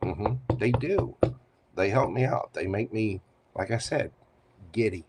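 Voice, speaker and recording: A man's voice: fairly low pitch, a little slow, darkish tone, breathy edge. A man reading tarot cards live for viewers in a chatty, playful manner with teasing asides. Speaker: tarot reader.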